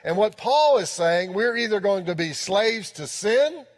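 Man, pastor, sermon, emphatic, repeats phrases, high voice, long church reverb. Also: expressive, unhurried.

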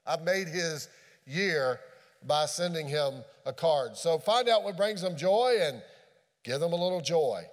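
A man preaching a sermon as pastor, earnest, dropping low and quiet on key phrases. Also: expressive, normal speed. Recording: long hall reverb.

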